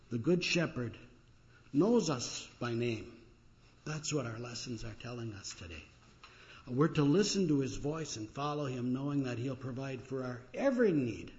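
A man preaching a sermon as pastor, earnest, with many fillers, slowing and lifting his voice when he quotes scripture. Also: medium pitch, a little mellow, highs cut off.

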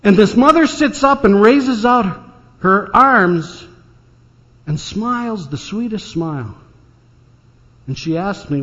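Folksy pastor in a reverberant hall. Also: male voice, sits high, expressive, a little slow, long pauses, fairly bright tone. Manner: folksy, anecdotal, with dry jokes. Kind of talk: storytelling sermon. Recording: dull sound in a reverberant church hall.

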